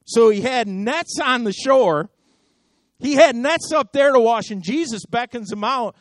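Man, pastor, sermon, high voice, dry close sound, fiery, loud-to-hushed swings. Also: animated, unhurried, dry recording. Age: adult. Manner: impassioned preaching with sharp swings between loud and hushed; repetitive exhortation.

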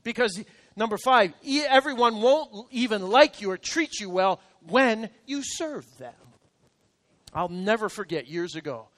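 A man's voice: high voice, a bit bright. A male pastor preaching a sermon in church, emphatic and counting out his points. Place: church service.

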